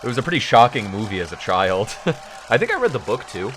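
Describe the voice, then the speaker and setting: Low-voiced guy rambling over a game, lively intonation. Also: quick pace, slight background noise. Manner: rambling, with fillers and restarts. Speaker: let's player. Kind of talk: casual gaming commentary. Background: game music.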